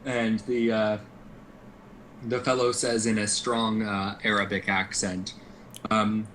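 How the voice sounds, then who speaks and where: A man with a bright, edgy tone describes his character's actions in a tabletop game. He hesitates often, and faint background noise sits under his voice. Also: fairly low pitch, little pitch movement, slow, low-quality recording. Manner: hesitant, many fillers. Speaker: player.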